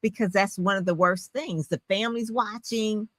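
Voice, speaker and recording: A woman hosting an interview, asking long, rambling questions and chatting in an animated way. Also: medium pitch, normal speed, dry recording. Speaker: interview host. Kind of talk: interview conversation.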